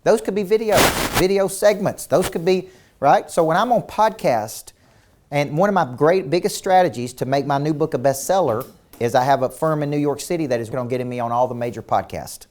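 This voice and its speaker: Intense guy coaching a business seminar, kinda high voice, keeps asking yes or no, repeats himself a lot. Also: a little fast, darkish tone, slight background noise. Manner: intense, emphatic, fires rhetorical questions; repeats words when starting a point.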